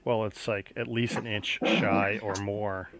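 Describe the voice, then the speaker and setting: A man's voice: lowish voice, level tone, a little slow, a crowd in the background. A man hosting a casual livestream, chatting and musing aloud as he builds a model kit. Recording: faint background noise.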